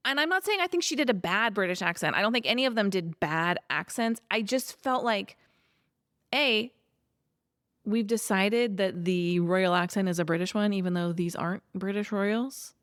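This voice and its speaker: A woman's voice: medium pitch, normal speed, no room sound. Opinionated woman podcast co-host, dry sound. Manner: opinionated, animated, many asides. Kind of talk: casual chat reviewing a movie.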